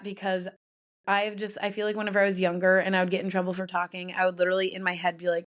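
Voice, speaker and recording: A woman's voice: medium pitch, a little fast. A young woman hosting her own podcast, talking alone in a rambling, chatty way and laughing often. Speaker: podcast host. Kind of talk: casual solo podcast chat.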